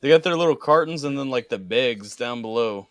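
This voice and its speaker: A man from the United States on a casual podcast who pushes his friends around in a playful way and laughs often. His voice sits in an ordinary middle pitch and sounds plain and natural. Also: lively intonation, a little fast, clean tone, no room sound. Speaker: podcast co-host. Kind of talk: casual chat.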